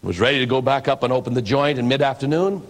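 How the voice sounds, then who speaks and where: A man's voice: mid-range voice, quick pace. A man preaching in a reflective, conversational storytelling manner. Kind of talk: storytelling sermon.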